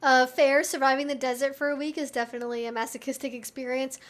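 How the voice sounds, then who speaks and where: High-voiced chatty woman streamer. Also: flat delivery, fast talker, a bit bright. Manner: chatty and candid, peppered with "like". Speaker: live-stream host answering viewer questions. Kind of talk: casual live-stream Q&A chat. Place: at home with her pets.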